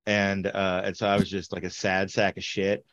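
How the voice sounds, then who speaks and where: A man's voice: deep voice, completely flat delivery, normal speed, fairly bright tone, highs cut off. A man in casual chat, telling rambling stories full of swearing and laughs. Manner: rambling, profane storytelling with laughs. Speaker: podcast co-host.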